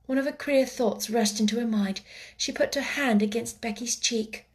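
Lady reading a storybook out loud, kinda high voice, expressive, goes quiet and whispery sometimes. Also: moderate pace. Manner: expressive, dropping to a hushed whisper at times. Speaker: audiobook narrator.

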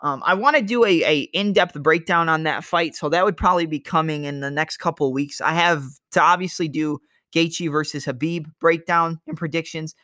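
A man with a fairly high voice talks through fight analysis as a show host, loose and chatty, with the occasional burst of sound effects for punches. The sound is dry and close, with no room echo. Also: moderate pace, few pauses, sharp tone. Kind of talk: casual fight breakdown monologue.

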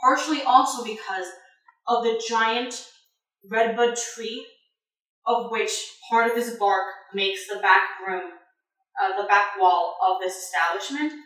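A woman's voice: fairly high pitch, fairly even intonation, measured pace, a bit bright. A woman narrating as game master of a tabletop game, rambling with many fillers. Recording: echoey room, far from mic.

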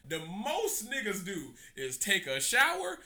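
A man hosting a casual chat who rants in an animated, profane way and laughs often. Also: sits high, unhurried. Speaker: podcast host.

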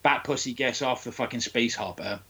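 Husky sweary man telling a story. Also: medium pitch, fairly quick. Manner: crude, sweary and animated, acting out quotes. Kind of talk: casual chat, retelling a film.

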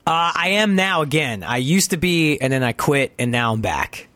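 Animated New York man on a podcast. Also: a little high, moderate pace, no room sound. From Brooklyn, New York. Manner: animated, swearing storyteller. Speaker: guest. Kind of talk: casual podcast chat.

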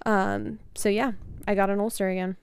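A woman's voice: mid-range voice, little pitch movement, moderate pace, clear, resonant tone, dry recording. A woman co-hosting a casual podcast from a bedroom. She is chatty, laughs a lot and likes to tease. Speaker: podcast co-host. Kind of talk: casual chat. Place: bedroom, close to the mic.

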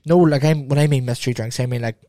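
A man's voice: medium pitch, fast, warm tone, no room sound. A man co-hosting a podcast, laid-back and tired, with dry quips. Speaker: podcast co-host. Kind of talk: casual chat. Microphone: podcast mic.

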